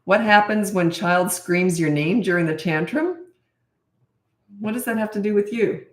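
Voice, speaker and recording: A woman's voice: mid-range voice, lively intonation, unhurried. A woman in her sixties, a parenting coach, answering viewer questions in a blunt, emphatic and opinionated way. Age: 60s. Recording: echoey room.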